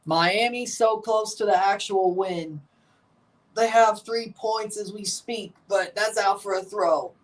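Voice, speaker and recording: Speaking slowly in a high-pitched voice, a man streams his reaction to a live football match. He chats casually, calls out the play as it happens, fields viewer comments, and gets anxious in the closing stages.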